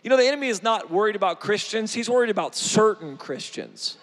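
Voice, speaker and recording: A man preaching a sermon, fervent and emphatic, building to shouts. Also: sits high, lively intonation, quick pace, big-room sound, a little hiss or hum.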